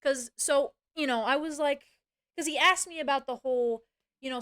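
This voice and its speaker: A woman's voice: sits high, moderate pace, fairly bright tone. A young woman streamer chatting casually, rambling through a story and swearing freely. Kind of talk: casual livestream chat.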